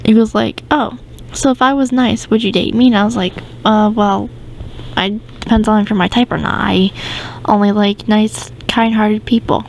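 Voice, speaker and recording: A woman's voice: medium pitch, steady tone, normal speed, creaky, slight background noise, low-quality recording. A woman hosting a casual storytime podcast, rambling through the tale with many ums and restarts. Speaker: podcast host.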